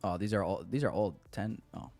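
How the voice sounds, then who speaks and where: A man's voice: lowish voice, a little fast, creaky, darkish tone, faint music behind. A man livestreaming his day trading, chatting loosely with viewers in casual, joking, sometimes profane banter. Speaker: day trader streaming live. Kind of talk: casual live-stream commentary.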